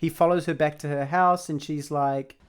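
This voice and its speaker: A man's voice: fairly high pitch, steady tone, normal speed, smooth, faint music behind. Crude guy mocking a movie. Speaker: movie reviewer. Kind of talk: sarcastic comedic commentary.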